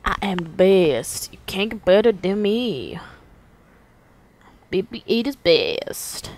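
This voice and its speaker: A young woman commentating on a video game, excitable and quick to swear, her pitch bouncing all over the place. She chats to the characters as if they could hear her, in a loose, casual way. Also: no echo. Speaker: let's play host.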